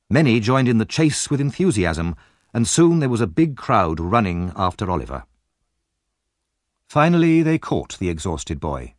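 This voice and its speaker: A man's voice: on the low side, dry recording, studio quality. A man reading a classic novel aloud as an audiobook narrator, telling the story expressively and dramatically. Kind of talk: scripted narration.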